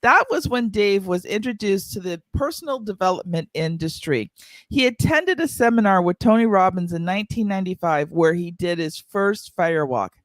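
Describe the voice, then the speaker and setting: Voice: medium pitch, expressive, moderate pace, no echo. A podcast host reading a guest's introduction and then chatting casually with him.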